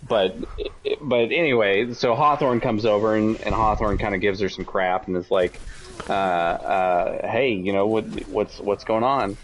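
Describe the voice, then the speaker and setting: A man co-hosting a casual podcast, excitedly retelling game lore with many restarts and quick acted-out quotes. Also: on the low side, poor audio. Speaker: podcast co-host.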